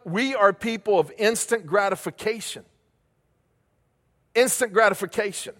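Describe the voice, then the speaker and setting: A man's voice: high-pitched, a bit bright. An older man preaching a sermon as a pastor, emphatic, repeating key phrases and asking rhetorical questions. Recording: long reverb of a large hall.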